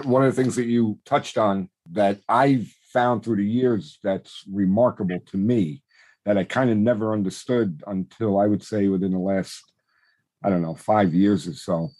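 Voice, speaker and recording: A man's voice: lowish voice, mellow. A man hosting a baseball podcast, affirming his guest and asking thoughtful questions. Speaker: podcast host. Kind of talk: podcast interview.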